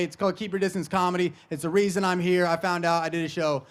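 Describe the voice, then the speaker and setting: A man doing a stand-up comedy set on a stage microphone, brash and profane, jumping into loud high-pitched voices for his bits. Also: flat delivery, fast talker, hardly any pauses. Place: live comedy show. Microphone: handheld stage microphone.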